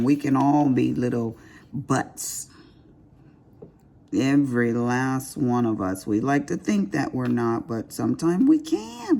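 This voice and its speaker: Middle-aged woman, casual crafting vlogger; mellow, gravelly voice that swoops around a lot. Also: extremely low pitch. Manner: chatty, expressive, calls listeners honey. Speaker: diamond painting vlogger. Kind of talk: casual chat while crafting.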